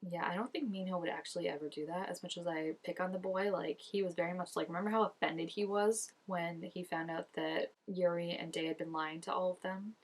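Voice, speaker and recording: A woman's voice: fairly low pitch, fairly even intonation, brisk, hardly any pauses. A young woman hosting a casual reaction video, chatting emotionally and talking back to the screen.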